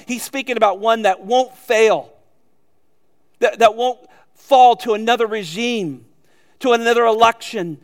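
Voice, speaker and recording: A man's voice: high-pitched, a bit bright. A man preaching a sermon with fervent emphasis, often repeating his phrases for force. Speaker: pastor.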